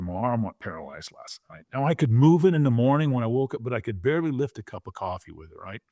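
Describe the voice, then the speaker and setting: A man's voice: medium pitch, no room sound. A man in his sixties tells a long story from his past on a podcast. He relives it vividly and slips into the voices of the people he quotes. His voice sits in the middle range, and the recording is dry and close. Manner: animated, vivid retelling with acted-out quotes. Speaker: guest, former pro football player.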